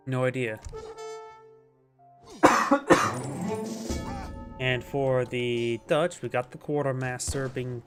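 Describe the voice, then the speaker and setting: A man's voice: mid-range voice, drawn-out words, long pauses, a bit bright, faint music behind. A man with a stuffy, congested nose giving casual live commentary on a strategy game, thinking aloud and correcting himself as he goes. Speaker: game caster.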